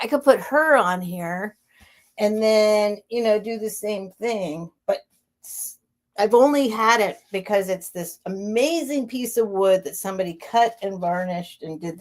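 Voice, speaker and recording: A woman casually chatting on a live stream as she hosts a vintage sale, rambling and laughing as she interrupts herself. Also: medium pitch. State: near tears.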